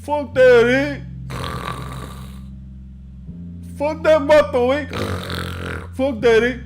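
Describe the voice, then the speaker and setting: A man doing a rowdy, stoned buddy, squeaky high. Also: steady tone, takes it slowly, darkish tone. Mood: defiant. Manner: ends phrases with a drawled "eh?".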